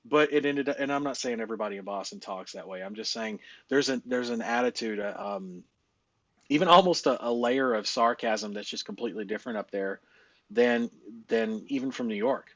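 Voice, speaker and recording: A man's voice: mid-range voice, brisk, fairly bright tone, no room sound, dull audio. A man coaching in a casual, blunt way. He swears a lot, laughs often and uses many fillers. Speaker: live-stream business coach.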